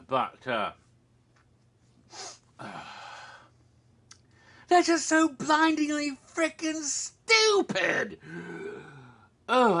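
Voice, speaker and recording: A man ranting in exasperation about a horror film, swearing and breaking into loud bursts. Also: medium pitch. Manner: exasperated, profane, shouts in bursts. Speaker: horror vlogger. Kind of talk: ranting commentary.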